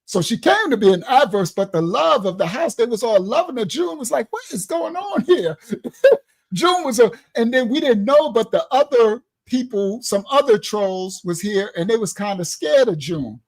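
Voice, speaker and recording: Speaking at a normal pace with few pauses, a high-voiced ministry leader livestreams a sermon to his congregation. His delivery is warm and streetwise, animated, with laughter breaking into his stories.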